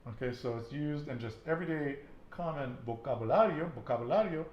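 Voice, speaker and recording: A man in a relaxed language lesson, quizzing a student and echoing back each answer with encouragement. His voice sits at an ordinary pitch. The room gives it a noticeable echo, with faint ambient noise behind. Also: a little fast, lo-fi sound. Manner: patient, encouraging, asks and repeats answers. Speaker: Spanish teacher.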